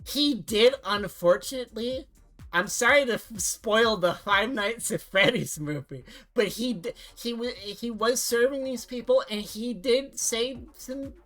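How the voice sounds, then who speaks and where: A young adult woman streamer chatting casually, rambling and halting with many restarts and the odd swear. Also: on the high side, a bit bright, soft background music.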